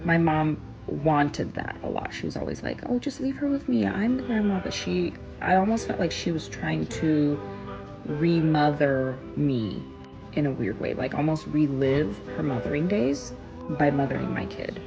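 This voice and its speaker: A woman telling a personal story in an earnest, emphatic way, pausing on stressed words. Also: low-pitched, lively intonation, vocal fry, lo-fi sound, music in the background.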